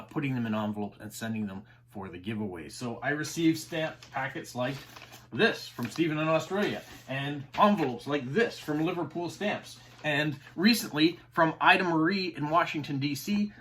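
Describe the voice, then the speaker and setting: Hosting a channel about stamp collecting, a man explains terminology in a chatty, excited way straight to camera. His voice sits in the middle range with a fairly bright tone, and frequent "uh"s pepper his speech.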